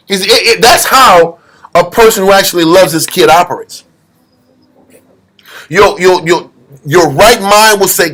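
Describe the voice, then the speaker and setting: A man's voice: high voice, normal speed, fairly bright tone. A man leading a group scripture study, preaching in a blunt, emphatic way with street slang. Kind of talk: informal Bible study sermon.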